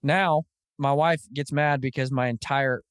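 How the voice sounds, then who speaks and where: A man hosting a podcast, telling stories in an animated, casual way, full of "dude" and "like". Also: mid-range voice, measured pace, smooth, dry recording, studio quality. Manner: animated storytelling, lots of "dude" and "like". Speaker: podcast host. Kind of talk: casual chat.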